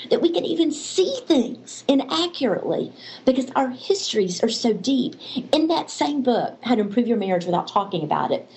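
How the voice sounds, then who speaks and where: A woman's voice: fairly high pitch, creaky, rough recording. A woman counselor telling stories and explaining ideas in a faith-based interview, acting out the voices of the people in her stories. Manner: animated storyteller, acts out quoted voices.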